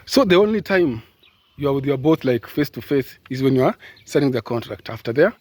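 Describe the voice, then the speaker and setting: A Kenyan man with a medium-pitched, expressive, slightly mellow voice speaks fairly quickly in a dry recording. He's a caregiver vlogger giving casual, rambling advice full of fillers and restarts, filmed outdoors in sunshine on a phone camera held at arm's length.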